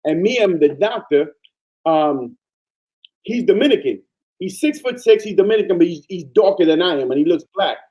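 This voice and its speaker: Man from Panama, guest in casual chat, animated and emphatic, fairly high pitch, mellow dark tone, dull lo-fi sound. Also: moderate pace.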